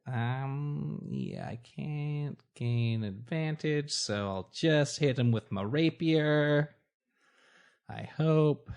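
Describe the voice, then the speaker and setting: A woman's voice: low-pitched, drawn-out words, darkish tone, clean tone. A woman playing a tabletop game who laughs often and makes fun of herself. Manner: giggly, self-mocking. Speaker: player. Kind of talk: casual tabletop game play.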